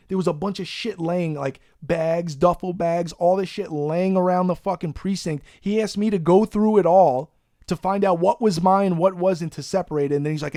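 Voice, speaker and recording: A man, hosting a podcast and telling a profane, animated story in a casual way. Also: high-pitched, normal speed, no echo, clean studio sound. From Long Island, New York. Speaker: podcast host.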